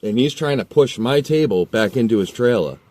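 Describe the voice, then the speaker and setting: A man's voice: medium pitch, animated, normal speed, warm tone, no echo. A man telling a heated personal story in casual speech, cursing constantly and rambling with restarts. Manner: heated, heavily profane storytelling. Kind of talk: casual spoken anecdote.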